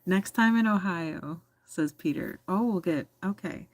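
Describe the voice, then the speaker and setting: Woman, American, low pitch, dry sound, laughing, teasing, livestream chatter. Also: measured pace, no echo. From United States. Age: adult. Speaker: livestream host reading chat. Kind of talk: casual livestream chat.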